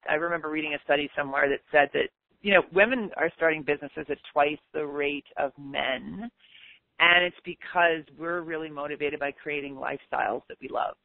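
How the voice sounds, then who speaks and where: A woman's voice: deep voice, a little fast, no echo. Upbeat woman in her fifties, phone line. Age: 50s. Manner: upbeat, emphatic, self-assured. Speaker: guest author. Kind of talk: podcast interview. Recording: tinny phone line, dry.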